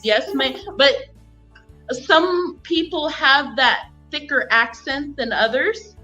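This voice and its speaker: A woman's voice: high voice, lively intonation, slow pace, bright, forceful tone, soft background music, low-quality recording. A woman chatting casually on a live stream, telling stories and acting out what people say, laughing often. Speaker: guest.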